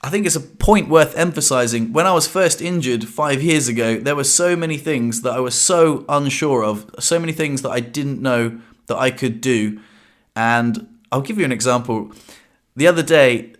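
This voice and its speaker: A man's voice: medium pitch, a bit bright. Upbeat chatty man. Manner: upbeat, chatty, many fillers and restarts. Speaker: vlogger. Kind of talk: casual talk to camera.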